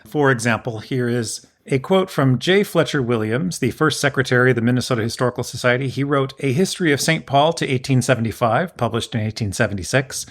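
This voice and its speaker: A man's voice: mid-range voice, a little fast, hardly any pauses. A man hosting a podcast, telling a history story in a casual, wry and explanatory way. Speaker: podcast host.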